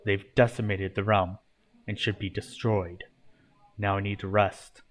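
A man doing a stern, slow old god. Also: on the low side, level tone, pitched below the performer's own voice, close to an everyday voice. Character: stern old male mentor god, cold and weary.

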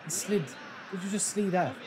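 A man from the giving excitable, frustrated live commentary on a football video game, talking to his viewers as lads. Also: high voice, normal speed, crowd noise. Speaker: gaming YouTuber.

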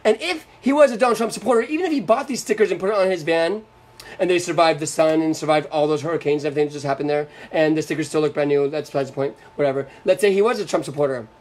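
His voice is a little high and darkish, and he races along. He's a young man from Florida on a live stream, furiously ranting about politics with heavy swearing, sarcasm and a combative edge.

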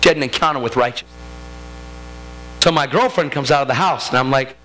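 A man preaching a sermon, telling a personal testimony with emotional intensity that builds toward near-shouting. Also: a little high, fast talker, long pauses, soft background music, poor audio.

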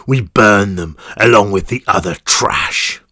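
A man's voice: fairly low pitch, a little slow, pushed and bright, no room sound, voice pushed down. A man voicing a giant, menacing male guard in a black suit who growls his threats, in a dry, close recording.

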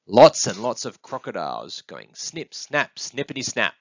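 An eager little boy camel calf from a storybook piping up in a high, bouncy voice, as a man puts him on. His questions leap up and down in pitch, with a gravelly edge underneath. The sound is dull and dry. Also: sing-song, unhurried, no room sound. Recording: dull, dry close recording.

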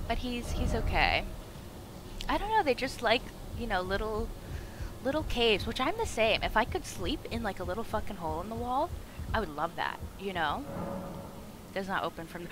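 A woman streaming a video game, chatting casually, gasping, swearing and shouting at the screen. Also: fairly high pitch, very animated, moderate pace, background noise. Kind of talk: casual live-stream commentary.

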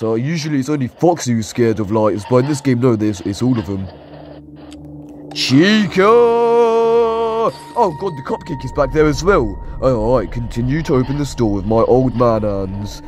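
A man's voice: mid-range voice, lively intonation, normal speed, darkish tone, slight background noise. A man giving let's play commentary on a horror game, jumpy, shrieking at scares and taunting the enemies. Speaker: gaming YouTuber.

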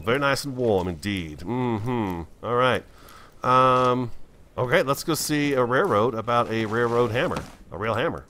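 A man's voice: lowish voice, a bit bright, slight background noise. A man giving casual, chatty commentary while playing a game, talking to himself and easily startled. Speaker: gameplay video host.

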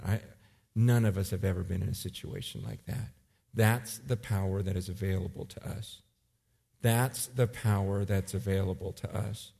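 A man in his forties preaching a sermon, acting out emotional scenes, then turning quiet and earnest. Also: low voice, fairly even intonation, normal speed, vocal fry, breathy edge, big-room sound. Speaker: pastor.

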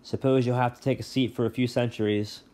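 A man voicing a smooth, menacing male ferryman of the dead with a put-on British accent, mockingly polite and sly. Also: medium pitch, steady tone, fast, darkish tone, close to an everyday voice. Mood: silky menace.

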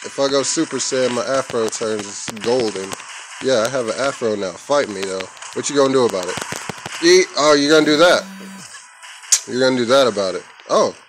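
Recording himself as he plays at home, a young man uses a headset mic for loose commentary peppered with playful trash talk, cussing, and sudden yelps. He speaks in a mid-range voice at normal speed over background noise.

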